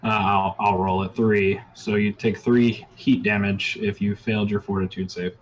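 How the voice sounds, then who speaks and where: A man running a tabletop role-playing game as game master, talking in a relaxed way with many ums and uhs. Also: fairly low pitch, normal speed, lo-fi sound, a little hiss or hum.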